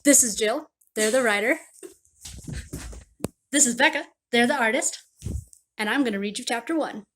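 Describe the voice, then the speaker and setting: A woman's voice: a little high, normal speed, a bit bright, a little hiss or hum. Woman, webcomic marketer; casual, playful comic read-aloud. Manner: chatty, playful retelling.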